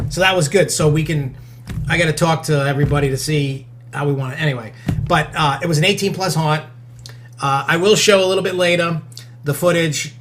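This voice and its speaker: A man's voice: a little high, fairly bright tone. A man hosting a casual podcast, talking in a loose, rambling way with lots of fillers. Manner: rambling, with many fillers and restarts. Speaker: podcast host.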